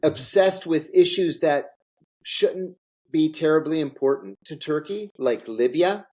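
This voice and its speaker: In an interview, an ex-intelligence officer recounts his experiences openly and with emphasis, often repeating phrases for effect. He talks at a measured pace in a slightly high, somewhat mellow voice.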